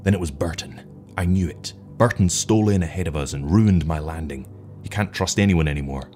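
A man's voice: low-pitched, brisk, a little mellow, soft background music, natural voice. A man voicing a tired, cynical older rocket captain who snaps impatiently at his lieutenant. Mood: snappish, incredulous. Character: weary, sharp-tongued older male rocket captain.

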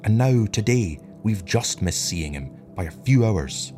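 A man's voice: on the low side, animated, measured pace, dark tone, faint music behind, voice pushed up. An earnest, emotional young crewman, voiced by a man who stands up with open defiance. The voice is raised a little above the reader's own and carries real passion. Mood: impassioned.

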